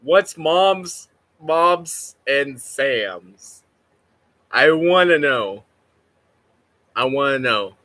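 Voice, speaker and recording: A man's voice: medium pitch, expressive, very slow, pauses often, bright, forceful tone. A man chatting casually on a livestream, rambling and giggly and swearing freely. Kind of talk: casual stream chat.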